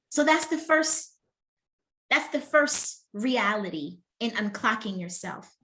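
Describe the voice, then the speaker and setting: A woman's voice: mid-range voice, a bit bright. A middle-aged woman wellness coach giving a motivational master class talk. She speaks emphatically and conversationally and keeps checking in with her listeners.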